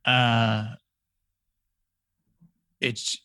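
Slow-talking man playing a tabletop game. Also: mid-range voice, no room sound, clean studio sound. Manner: hesitant, with many "um" and "uh". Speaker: player. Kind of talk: improvised role-play as a player.

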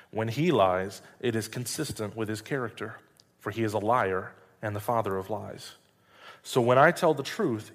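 A man reading the lines of Jesus as a calm, earnest male teacher in a measured way. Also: medium pitch, close to an everyday voice. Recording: long reverb hall.

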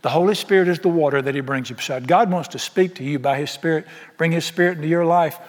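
On the high side and fast, the pastor's voice drives a folksy, emphatic sermon loaded with rhetorical questions aimed at the congregation. Long reverb from the large church sanctuary hangs over everything.

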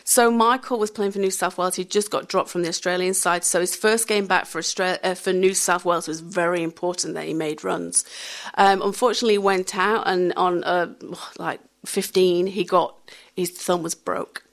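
A woman, telling candid, animated stories as a radio interview guest and laughing often. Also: on the low side, moderate pace, vocal fry. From England. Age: 50s. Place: radio studio.

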